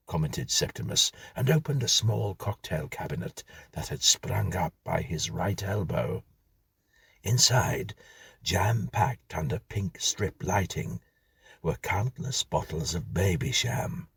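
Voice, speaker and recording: A man tells a whimsical tale in a slow, measured reading. His voice is deep and husky. The pitch moves a lot, and the sound is dry and close. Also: lively intonation, a bit bright, dry recording. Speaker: narrator. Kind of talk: scripted storytelling.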